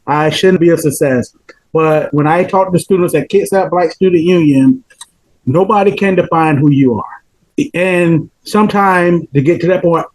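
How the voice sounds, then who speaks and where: A man in his fifties with a Southern Georgia accent, telling stories as a podcast guest in an animated way, laughing often. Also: a little high, low-quality recording. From Pelham, Georgia, US. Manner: animated, laughs often, repeats words when excited. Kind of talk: casual storytelling interview.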